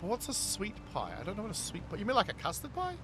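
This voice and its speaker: A man's voice: high-pitched, wildly swooping pitch, quick pace, noisy background. A man streaming a game, casually reading chat aloud and riffing on it with frequent laughs. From New Zealand. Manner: reads chat aloud and riffs on it, laughing often. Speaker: gaming streamer.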